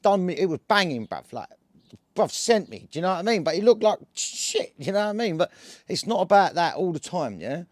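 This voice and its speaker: A man with an Essex accent and a somewhat high voice rambles through a casual story to camera. He is full of slang and filler and keeps restarting his sentences. The sound is dry and close, with no room echo. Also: sing-song, fairly quick. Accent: Essex English. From England. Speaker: cannabis vlogger.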